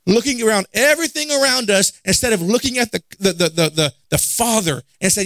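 A man's voice: sits high, expressive, fairly quick, gravelly, few pauses, a bit bright, no room sound. A man preaching a conversational sermon, asking the congregation questions and repeating phrases for emphasis.

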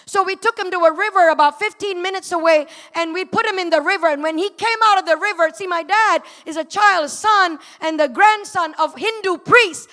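Woman giving a testimony in church, very high voice, long hall reverb, lively chatty storyteller. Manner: lively, chatty storytelling with frequent laughs and rising emotion. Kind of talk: personal testimony storytelling to a congregation. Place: church sanctuary.

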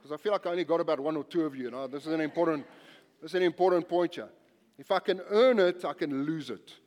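A male pastor preaching a sermon, animated and emphatic, repeating phrases and swinging from quiet to loud. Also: fairly high pitch, fast, in a large hall.

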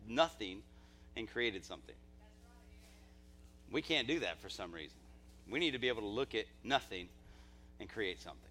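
Impassioned man preaching a live sermon. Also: slight background noise. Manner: impassioned, swings from low asides to near-shouting. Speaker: pastor. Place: church service.

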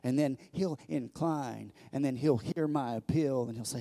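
Man preaching a lively sermon. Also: medium pitch, moderate pace, creaky, dry recording. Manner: lively preaching, swinging from loud peaks to quiet asides; repeats words when building up. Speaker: pastor.

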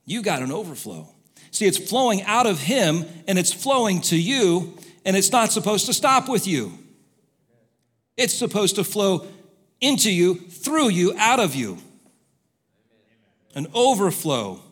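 A man preaching a sermon, telling stories and moving between quiet asides and loud exhortation. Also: high-pitched, big pitch swings, unhurried, pauses often, breathy edge. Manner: storytelling, swings from soft to loud exhortation. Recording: long hall reverb.

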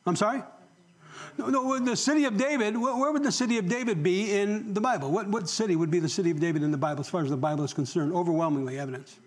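A man's voice: high-pitched, fast, breathy edge. A male pastor giving a conversational sermon in church, often asking the congregation questions and joking.

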